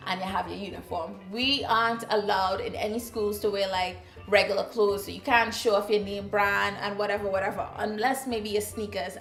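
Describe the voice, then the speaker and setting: A woman with a Trinidadian accent tells a personal story in casual vlog style, her pitch sitting mid-range. She is chatty and sassy, throwing asides to the viewers. The room has a noticeable echo, with faint music under her voice. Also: creaky, fairly bright tone. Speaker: vlogger.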